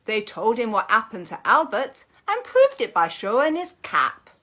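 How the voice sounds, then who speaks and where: Bright, lively woman reciting verse. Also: a little high, normal speed. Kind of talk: recited comic verse monologue.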